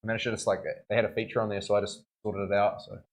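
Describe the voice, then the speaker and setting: A young tattoo artist races through his words in a lowish, flat voice while working on a live stream. He's chatty and casual, laughing a lot and thanking the people watching.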